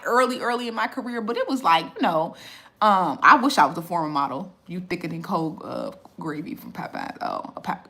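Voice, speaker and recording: A woman, a food reviewer chatting casually on a livestream and answering viewers' comments. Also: on the high side. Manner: animated, reads and answers viewer comments, repeats herself. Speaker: food reviewer and content creator. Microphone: phone livestream.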